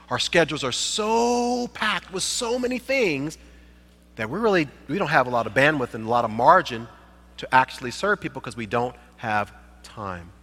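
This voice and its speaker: A man's voice: medium pitch, pushed and bright. A man giving a sermon as a guest preacher, emphatic, repeating phrases for effect. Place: church sanctuary. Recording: reverberant church sanctuary.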